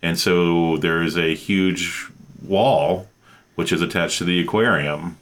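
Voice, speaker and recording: A man's voice: sits low, steady tone, slow, a bit bright. A man co-hosting a casual chat in an easygoing way. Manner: easygoing, with short agreeing replies. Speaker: podcast co-host.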